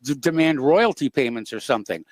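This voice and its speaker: A man hosting a talk radio show, speaking in a measured way with frequent filler sounds. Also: medium pitch, lively intonation, no echo. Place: radio studio.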